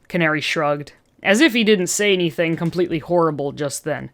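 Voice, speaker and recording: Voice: medium pitch, animated, brisk, hardly any pauses, a bit bright. A reader narrating a fan story aloud, breaking in with chatty asides and chuckles between passages.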